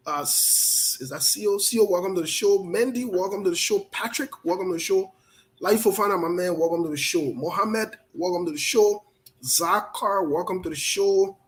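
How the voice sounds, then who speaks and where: A fairly high-voiced man hosts a casual online talk show. He greets viewers by name and switches into animated, scolding local speech. His delivery is lively and direct. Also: moderate pace. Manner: animated, scolding, switches to spoken Liberian English.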